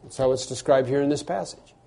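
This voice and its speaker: A man's voice: medium pitch, fairly even intonation, fast talker, vocal fry, dark tone. A man preaching a sermon, earnest, often repeating words as he builds to emphatic phrases.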